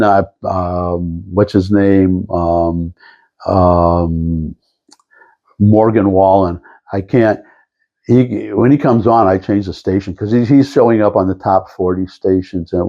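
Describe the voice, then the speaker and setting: A man's voice: sits low, steady tone, a little slow, mellow, highs cut off. An older man talking to camera in a rambling, meandering monologue with lots of restarts and asides. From Detroit area. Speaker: vlogger.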